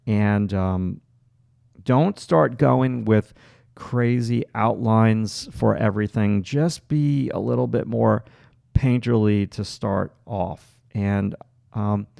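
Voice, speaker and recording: An art instructor with a low, gravelly, warm voice and a Long Island accent leads a livestream drawing demonstration. He thinks aloud while drawing, trailing into fillers and restarting his sentences. The audio is close and dry with no room sound.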